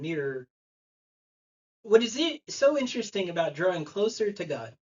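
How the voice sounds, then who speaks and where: A man's voice: high voice, lo-fi sound. A man in his thirties preaching a sermon in church, telling stories in a conversational way. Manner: storytelling, conversational, acts out quotes. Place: church sanctuary.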